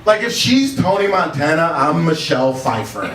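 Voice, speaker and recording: A man's voice: on the high side, sing-song, moderate pace, over a noisy crowd. Laid-back male comic in a roomy bar. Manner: laid-back, chuckles between jokes. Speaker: stand-up comedian. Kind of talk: stand-up set. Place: bar stage. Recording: echoey bar heard from a distance. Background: bar ambience.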